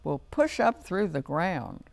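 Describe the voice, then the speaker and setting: A man voicing a wise, encouraging father rabbit in a children's storybook, with a steady manner. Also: sits high, slow pace, gravelly, no room sound, exaggerated voice.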